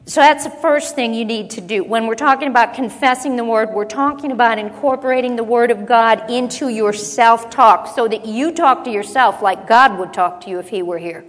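A woman preaching a sermon, repeating phrases for emphasis and acting out low muttering. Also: moderate pace, few pauses, fairly bright tone. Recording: long hall reverb.

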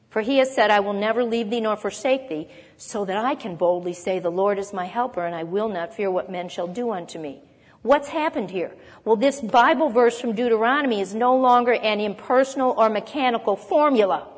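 A woman preaching a Bible lesson, earnestly explaining verses and reading scripture aloud. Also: on the high side. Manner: earnest teaching, reads scripture aloud, occasional light laugh. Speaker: Bible teacher. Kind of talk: sermon. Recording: long hall reverb.

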